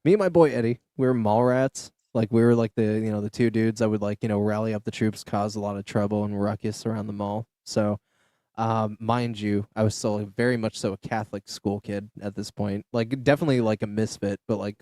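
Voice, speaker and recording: A man's voice: on the low side, steady tone, fairly quick, mellow, no echo, studio quality. A young man hosting a podcast, telling a loose story full of swearing and fillers. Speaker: podcast host. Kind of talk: casual storytelling chat. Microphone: studio podcast mic.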